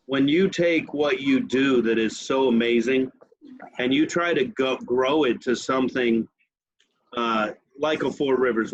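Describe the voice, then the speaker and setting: Man hosting a chat, muffled sound. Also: medium pitch. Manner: loose and profane. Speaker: host. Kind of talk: casual chat. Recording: dull muffled sound with faint noise.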